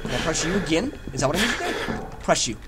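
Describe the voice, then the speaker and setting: Jumpy, joking gamer guy with a lively voice. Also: on the high side, fast talker, over loud music. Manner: jokey, rambling, bursts into loud yelps when scared. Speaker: gamer playing a horror game. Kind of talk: let's play commentary. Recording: noisy home recording.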